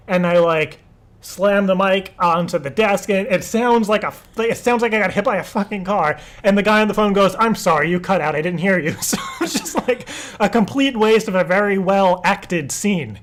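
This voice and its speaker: Laughing, swearing young male streamer. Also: high-pitched. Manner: rambling, laughing and swearing freely. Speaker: live show host. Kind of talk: casual livestream chat.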